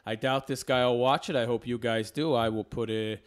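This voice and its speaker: Male commentator, clear smooth voice, medium pitch, lecturing rebuttal, point-by-point argument. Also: steady tone, fairly quick.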